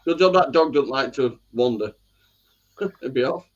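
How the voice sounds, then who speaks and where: A man's voice: mid-range voice, animated, normal speed. A blunt, jokey man who swears a lot while chatting on a live stream. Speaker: live stream panel guest. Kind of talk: casual banter. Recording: lo-fi call audio.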